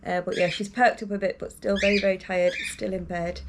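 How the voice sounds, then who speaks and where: A woman's voice: mid-range voice, flat delivery, brisk, few pauses, background noise. A young woman telling a long story to camera in a rambling, casual way, full of fillers. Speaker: vlogger.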